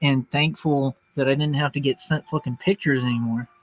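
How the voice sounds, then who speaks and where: A woman's voice: extremely low pitch, fairly even intonation, a little fast. A woman hosting a livestream in casual chat, blunt and crude, telling stories with acted-out quotes. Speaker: livestream host. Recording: dull lo-fi audio with music.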